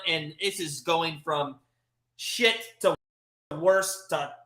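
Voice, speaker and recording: This live play-by-play fan commentary comes from a man hosting a watch party, his slightly high voice at normal speed with reverberant sound. Frustrated and animated, he alternates between calm play calls and exasperated outbursts.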